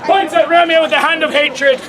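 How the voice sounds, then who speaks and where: Man, very high voice, playful live comic narrator, loud crowd outdoors. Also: steady tone, a little fast. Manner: playful, shouts cues for the crowd to repeat. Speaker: comic narrator of an audience-participation show. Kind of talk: live comedic storytelling to a crowd. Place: outdoor fair stage. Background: loud crowd of onlookers.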